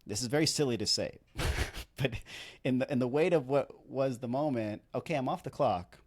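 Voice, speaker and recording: A man's voice: mid-range voice, moderate pace, darkish tone. A man in his thirties telling a story on a podcast in a rambling, self-deprecating way, with lots of "like". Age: 30s. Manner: rambling, chatty, self-deprecating, heavy use of "like". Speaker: podcast co-host and wedding videographer.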